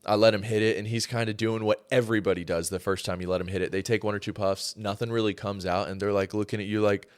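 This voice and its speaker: A young man from Georgia co-hosting a podcast, telling animated, profane stories in casual chat and acting out what people said. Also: on the low side, fast, few pauses, smooth, no room sound. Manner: animated, profane, acts out quoted voices. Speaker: podcast co-host.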